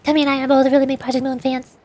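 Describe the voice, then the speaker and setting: A woman's voice: high voice, level tone, racing, darkish tone. A woman streaming a game as a VTuber, chatting playfully with her viewers. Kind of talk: casual gaming stream chat.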